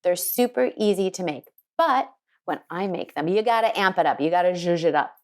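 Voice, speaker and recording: A woman winemaker telling an animated story in an interview, acting out the people she quotes. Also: fairly low pitch, moderate pace. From United States. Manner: lively, quotes people in put-on voices. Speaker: winemaker guest. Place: her home in Sonoma County.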